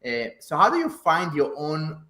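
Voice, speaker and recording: Co-host guy asking questions, kinda high voice, echoey room sound. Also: wildly swooping pitch, normal speed, sharp tone. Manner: asks questions, many "yeah" and "mm-hmm" backchannels. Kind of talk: casual interview. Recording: roomy echo.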